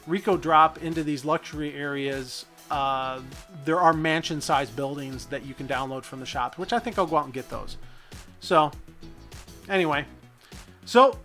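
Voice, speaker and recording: A man's voice: fairly high pitch, moderate pace, bright, forceful tone, soft background music. A man hosting a city-building gameplay video, rambling and thinking aloud in a goofy, self-deprecating way. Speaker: gaming channel host.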